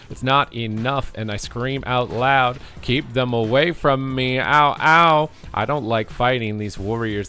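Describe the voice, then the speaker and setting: A man's voice: on the low side, fairly bright tone. A man rapping playful rhyming commentary over his own game match. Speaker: gamer streamer.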